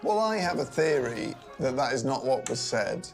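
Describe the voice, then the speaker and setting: A man comedian retelling history in a dry, deadpan narrating manner. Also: medium pitch, moderate pace, vocal fry, faint music behind. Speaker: comedian storyteller.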